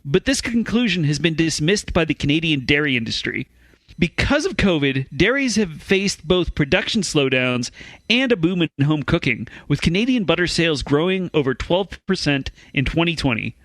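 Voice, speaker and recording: A man's voice: on the high side, sing-song, normal speed, a bit bright, dry recording. A man co-hosting a comedic news podcast, reading stories aloud with stumbles and laughs.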